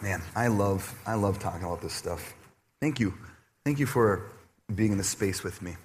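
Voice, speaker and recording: A man preaching a sermon to his congregation, animated and personal, acting out quoted voices with laughter. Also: fairly low pitch, normal speed, a little hiss or hum. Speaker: pastor. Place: church stage before a congregation.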